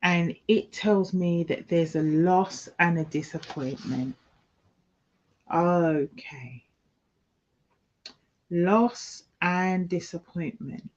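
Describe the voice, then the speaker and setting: A woman giving a casual tarot reading, talking slowly through each card as she lays it out. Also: lowish voice. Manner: slow, musing, talks through each card. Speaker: tarot reader. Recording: dull lo-fi sound.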